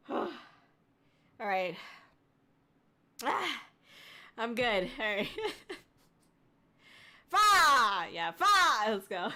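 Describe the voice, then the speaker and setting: A woman's voice: a little high, fairly bright tone. A young woman streamer chatting casually with her viewers, laughing often and swearing now and then.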